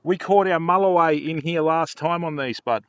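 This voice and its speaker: A slightly high, somewhat bright and smooth voice comes through a dry recording at a moderate pace. It belongs to an older Australian fishing streamer who banters with viewers, laughs plenty and names people in chat.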